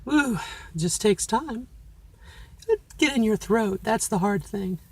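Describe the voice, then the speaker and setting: Expressive and unhurried, her medium-pitched voice sounds a little mellow and slightly rough, with no echo. The middle-aged vlogger reflects casually and candidly to her audience, encouraging herself and carefully placing a feminine voice she has trained.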